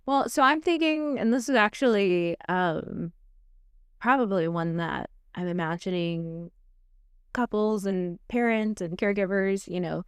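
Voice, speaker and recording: A woman's voice: medium pitch, unhurried, clear, resonant tone, no echo, studio quality. A woman co-hosting a family counseling talk show who asks guiding questions and offers examples in a supportive, conversational way. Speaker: counselor and co-host. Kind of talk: conversational podcast discussion.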